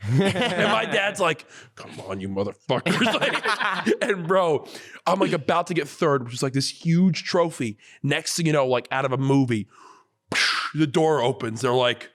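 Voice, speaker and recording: A young man co-hosting a podcast, telling a childhood story in a lively, animated way. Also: medium pitch. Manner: animated storyteller, puts on voices for quotes. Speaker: podcast co-host. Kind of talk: casual podcast chat, storytelling.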